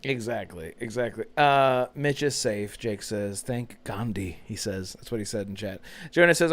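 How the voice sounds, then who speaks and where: A man's voice: lowish voice, lively intonation, normal speed, few pauses. A man hosting a gaming podcast in casual chat, talking loosely and laughing often. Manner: chatty, laughs often, reads chat aloud. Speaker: podcast host.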